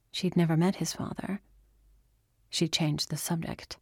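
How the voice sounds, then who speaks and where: A woman narrating a novel aloud in a quiet, measured, soft delivery. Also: low voice, fairly even intonation, no room sound, clean studio sound. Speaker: audiobook narrator.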